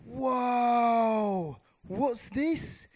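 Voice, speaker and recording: A man voicing a curious young male mouse in a spoken storybook tale, high and excited. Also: takes it slowly, a little hiss or hum, exaggerated voice. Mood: amazed. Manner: excited, squeaky.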